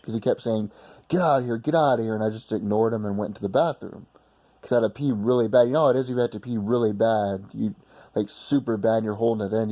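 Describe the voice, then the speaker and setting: A man's voice: fairly low pitch, dark tone. A man casually telling a personal story in a rambling, blunt way with some swearing.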